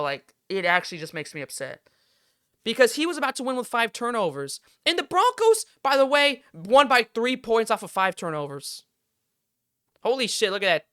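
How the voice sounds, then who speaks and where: Young male podcast host, frustrated sports ranter, bright and smooth clear tone. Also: high-pitched, no echo, clean studio sound. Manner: heated, frustrated ranting with swearing. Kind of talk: casual sports commentary rant.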